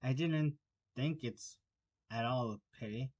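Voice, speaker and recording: Man doing a hushed nervous rabbit. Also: mid-range voice, measured pace, highs cut off, lightly acted. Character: timid anxious male rabbit.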